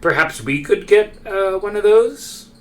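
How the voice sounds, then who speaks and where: A polite, wordy young hunter in a tabletop game, as the game master voices him. His voice sits well above the man's usual pitch and comes out careful and formal. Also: expressive, a little slow, fairly bright tone. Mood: reasoning.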